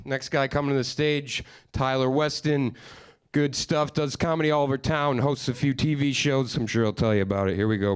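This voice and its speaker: A man's voice: medium pitch, clear, resonant tone. A man emceeing a comedy show, brash, crude and upbeat. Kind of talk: stand-up comedy and emcee banter.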